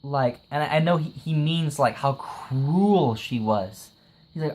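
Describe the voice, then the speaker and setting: A man casually reviewing an anime episode, excitable, laughing often and leaning on "like" as he retells scenes. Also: on the high side. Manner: retells scenes with quick acted quotes.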